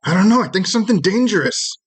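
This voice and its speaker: A man voicing a tiny, timid male Minish who speaks in a high-pitched, stammering voice. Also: expressive, quick pace, a little hiss or hum. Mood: nervous squeaky.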